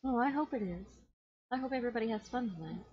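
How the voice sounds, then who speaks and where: A woman's voice: a little high, animated, quick pace, slightly rough. A woman voicing a serene, welcoming mystic woman in a tabletop game, on a dull lo-fi mic. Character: serene mystic woman with moon-phase eyes.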